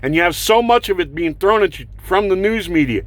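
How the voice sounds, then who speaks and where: A man's voice: sits high, expressive, brisk, few pauses. A man delivering an angry, profane political rant, with sarcastic mocking whoops and heated rhetorical questions. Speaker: political vlogger. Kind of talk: angry ranting monologue.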